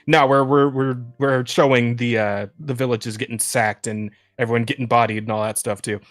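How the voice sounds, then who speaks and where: A man's voice: medium pitch, steady tone, moderate pace. A young man co-hosting a podcast in casual chat, rambling with lots of restarts, swearing and laughing often. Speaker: podcast co-host.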